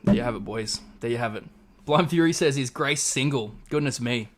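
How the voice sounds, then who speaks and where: A man's voice: medium pitch, a little fast. An Australian man hosting a livestream in casual chat, laid-back and swearing freely as he reads out chat messages. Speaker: livestream host.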